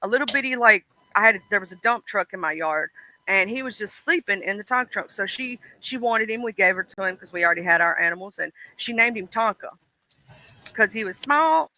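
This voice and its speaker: A man's voice: sits high, animated, brisk, bright, forceful tone, a little hiss or hum, rough recording. A man hosting a stream, chatting casually and rambling with lots of ums and "you know"s, laughing as he tells childhood stories. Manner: laughs and acts out childhood voices. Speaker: stream host. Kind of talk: casual chat.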